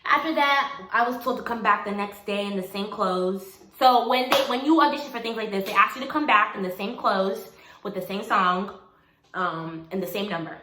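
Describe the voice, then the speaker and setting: A young woman in her twenties casually telling a personal story to camera, animated and laughing often as she acts out what people said. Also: mid-range voice, moderate pace. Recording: echoey room with faint noise.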